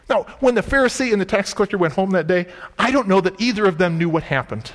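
A man's voice: high-pitched, lively intonation, fast talker. A man preaching a sermon, retelling scripture in casual everyday words, with an emphatic, conversational delivery. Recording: reverberant hall.

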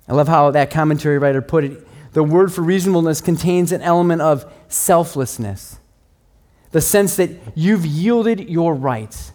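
A man's voice: fairly high pitch, normal speed, darkish tone. A middle-aged man preaching a sermon, telling stories about himself in a conversational, self-deprecating way. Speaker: pastor.

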